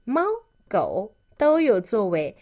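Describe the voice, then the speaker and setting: Lady reading a kids' story real slow, voice swooping up and down, coaxing questions. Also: medium pitch, very animated, mellow. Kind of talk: bilingual picture-book reading to a child.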